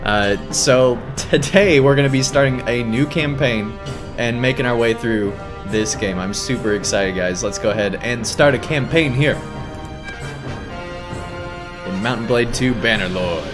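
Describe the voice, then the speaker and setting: A man hosts a casual gaming let's-play, excited and talkative, filling gaps with frequent "uh"s. His voice sits at an ordinary mid pitch. Faint game music plays underneath. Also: a little slow. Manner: excited, chatty, many "uh" fillers. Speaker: gaming YouTuber.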